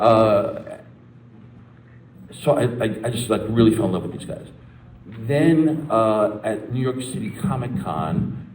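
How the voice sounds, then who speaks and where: A man with a low, deep voice tells a story at a convention panel, bouncing between chatty asides and quick impressions of the people he talks to. The sound is roomy and a little distant, picked up across a big hall with faint murmur behind. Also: slight background noise. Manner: animated storyteller, acts out quoted people. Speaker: comics creator answering a fan question at a panel. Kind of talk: casual panel talk.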